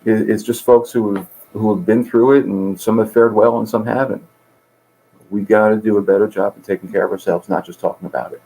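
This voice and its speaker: His voice sits on the low side, mellow and fairly even in intonation, and he talks fairly quickly. The middle-aged peer support coordinator, a guest in a conversational interview, earnestly recounts stories with voiced characters, though the recording quality is low.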